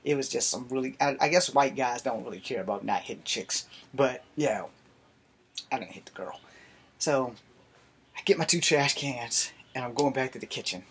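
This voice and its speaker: A man telling a story from his youth in a casual live stream, animated and profane. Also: mid-range voice, moderate pace, a little hiss or hum.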